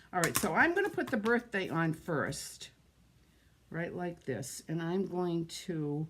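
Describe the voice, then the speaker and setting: A woman with a Boston-area Massachusetts accent, chatting casually through a live card-making demo and greeting viewers by name. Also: on the low side. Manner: chatty, greets viewers by name, thinks aloud while working. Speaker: card-making livestream host.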